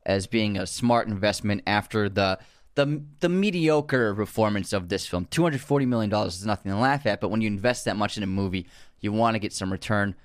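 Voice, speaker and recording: A man's voice: lowish voice, a little fast, no echo, clean studio sound. A man co-hosting a podcast, chatting casually about films with frequent laughs and restarted sentences. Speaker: podcast co-host. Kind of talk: casual film discussion.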